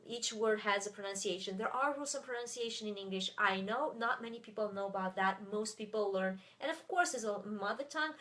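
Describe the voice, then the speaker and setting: A woman's voice: fairly high pitch, a bit bright. A native French-speaking woman teaching an online webinar lesson, hesitant, with many fillers and self-corrections. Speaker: French tutor.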